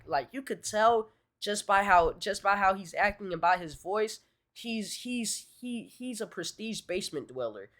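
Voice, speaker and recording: A man reacting to a video as a streamer, talking excitably in slang and repeating his phrases. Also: high voice. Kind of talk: casual reaction commentary. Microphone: streaming mic.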